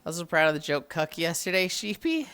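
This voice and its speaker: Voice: mid-range voice, big pitch swings, a little fast, fairly bright tone, smooth. A livestreamer chatting casually with viewers, telling stories with frequent sighs and laughs. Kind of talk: casual live-stream chat.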